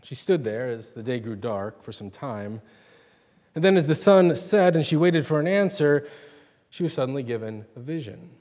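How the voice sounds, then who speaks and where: A man reading and retelling a short story in a measured, dramatic way. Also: medium pitch, animated, a little mellow, big-room sound.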